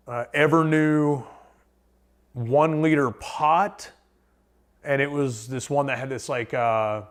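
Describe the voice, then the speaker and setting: A podcast guest who is a thru-hiker tells stories casually, rambling with plenty of fillers and restarts. His voice is medium-pitched and a bit bright.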